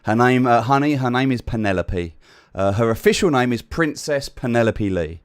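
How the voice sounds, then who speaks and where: A man's voice: medium pitch, lively intonation, normal speed, smooth. Chatty man live streaming. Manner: chatty, repeats himself, talks straight to chat. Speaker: livestream host. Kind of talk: casual livestream chat to viewers. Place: upstairs room at home.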